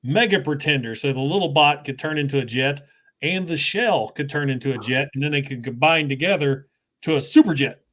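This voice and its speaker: A man's voice: a little high, a little fast, a bit bright. A man hosting a casual live chat, explaining collectible figures with enthusiasm. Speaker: toy reviewer and host.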